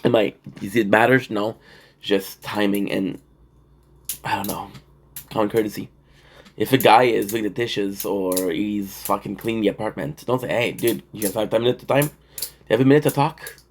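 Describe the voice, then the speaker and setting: A young man chatting casually to his stream audience, swearing freely and telling stories with lots of fillers. His voice sits a little low. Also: moderate pace, a little hiss or hum. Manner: profane, animated storytelling with frequent fillers. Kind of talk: casual rambling vlog talk.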